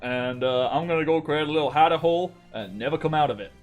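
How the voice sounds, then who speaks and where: A man's voice: a little high, fast talker, highs cut off, faint music behind. A man running a tabletop game, joking, laughing often and thinking aloud. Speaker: game master. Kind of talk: casual tabletop game narration.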